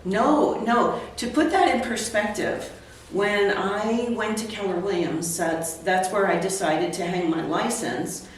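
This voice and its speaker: A woman's voice: mid-range voice, a little slow. A woman in her sixties, a real estate agent, telling her personal story as a guest in an interview, candid and earnest. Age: 60s. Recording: echoey, distant, faint noise.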